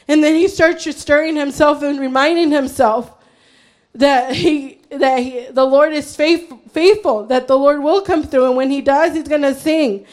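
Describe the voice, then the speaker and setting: A woman's voice: high-pitched, a little slow. A woman preaching an impassioned sermon, her voice straining as she builds to fervent cries. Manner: fervent, rising to shouts and cries.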